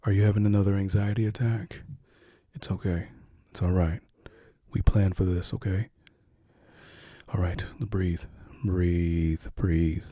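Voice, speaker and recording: A man speaking softly and soothingly as a caring boyfriend in a whispered role-play. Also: low-pitched, level tone, breathy edge, dry recording, clean studio sound. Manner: soft, slow, soothing reassurance.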